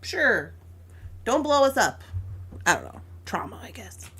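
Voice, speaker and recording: Animated woman telling a story. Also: a little high, a little slow, husky. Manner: animated, laughing often, acting out both sides of an argument. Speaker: crafting livestream host. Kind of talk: casual storytelling chat.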